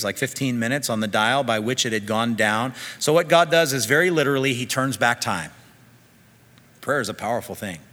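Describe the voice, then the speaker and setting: Guy preaching a sermon, bright forceful voice, big echoey church hall. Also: mid-range voice. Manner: animated preaching, reading scripture with rising emphasis. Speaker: pastor.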